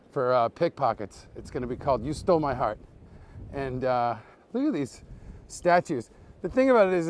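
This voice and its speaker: Male comic tour guide, slightly high voice, deadpan, chatty with live viewers, walking outdoors at night with a phone mic. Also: slight background noise. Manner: deadpan joking with absurd fake facts.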